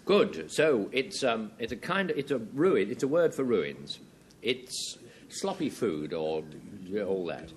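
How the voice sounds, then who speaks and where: A man hosting a TV panel game, announcing turns and summing up in a brisk, wry way. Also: lowish voice, sing-song, slight background noise. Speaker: quiz host.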